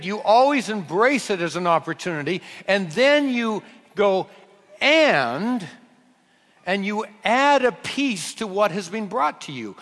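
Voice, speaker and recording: A man preaching a sermon in an animated, emphatic way, slowing down to stress key phrases. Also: high-pitched. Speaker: pastor. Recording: reverberant hall.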